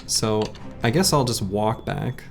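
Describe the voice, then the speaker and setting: A man's voice: on the low side, measured pace, vocal fry, soft background music. A man casually commenting on his game as he plays, thinking aloud and chatting with his viewers. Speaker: game streamer.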